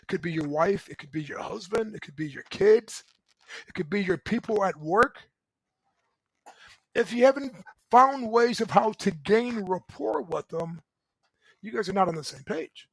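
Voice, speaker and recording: A middle-aged man giving a motivational relationship talk as host, loud and emphatic, often checking in with "right?". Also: high voice, normal speed, gravelly, slightly rough, no echo, poor audio. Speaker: relationship coach and show host.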